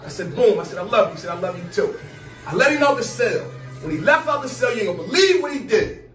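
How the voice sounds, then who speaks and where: Animated man telling a jail story. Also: sits high, fast talker. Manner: animated, acts out voices and sound effects. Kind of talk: storytelling about a jail fight. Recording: roomy distant clip with music.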